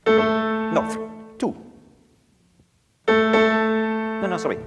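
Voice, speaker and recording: Leading a piano master class, this man talks at a measured pace in a slightly high voice. He's lively and playful, breaking into sung phrases and joking while he coaches. Faint piano sounds drift through the echoing hall.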